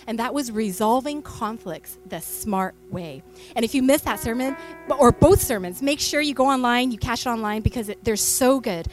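A woman in her thirties preaching a sermon in a church, speaking into a stage microphone in a chatty storytelling way with many fillers. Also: on the high side. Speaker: pastor.

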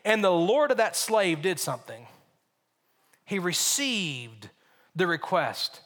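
A male pastor with a high, slightly bright voice preaches slowly, with big swings in pitch. He stresses his points, repeats phrases and puts rhetorical questions to his listeners, all ringing with the long reverb of a large hall.

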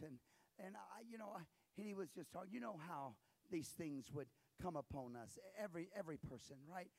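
A man preaching a sermon, moving between quiet storytelling and loud, shouted exhortation. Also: a little high, expressive, a little fast, creaky. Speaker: pastor.

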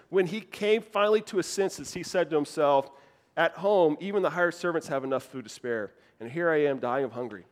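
A male pastor delivers a sermon in a fairly high voice for a man. He preaches with animated, rising emphasis and repeats his key lines for effect.

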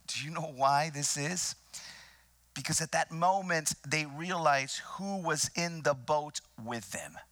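A man preaching a sermon with dramatic, deliberate delivery, repeating phrases and dropping into whispers for emphasis. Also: a little high, pushed and bright. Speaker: pastor.

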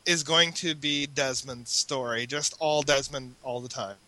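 A man's voice: mid-range voice, fairly even intonation, measured pace, bright, forceful tone, rough recording. A man co-hosting a podcast, chatting casually in a rambling, self-correcting way. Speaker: podcast co-host. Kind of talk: casual chat.

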